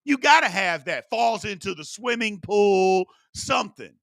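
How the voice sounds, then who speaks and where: Male live-stream host, high and lively voice, dry close mic. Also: measured pace, gravelly, dry recording. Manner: animated, repetitive, playful asides. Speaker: sports talk show host. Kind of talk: live-stream talk show, fan participation.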